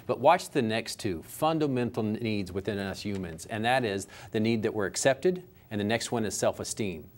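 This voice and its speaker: A man's voice: fairly low pitch, moderate pace. A man speaking as a customer service coach in an interview, explaining his points with everyday examples. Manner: animated, teaching with everyday examples.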